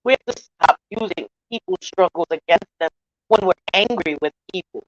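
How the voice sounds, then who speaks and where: A woman vlogger speaking to her channel in an earnest, defensive way, shifting from soft pleading to blunt defiance, sounding emotional and near tears. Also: fairly low pitch, animated, moderate pace, no echo, highs cut off. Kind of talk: emotional livestream apology.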